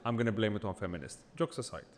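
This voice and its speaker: A man trading jokes on a podcast before settling into earnest opinions. His pitch swings widely as he argues, and a long reverb tail hangs behind his voice in the room. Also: fast. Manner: joking then earnest, animated opinions. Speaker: co-host. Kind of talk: casual podcast debate.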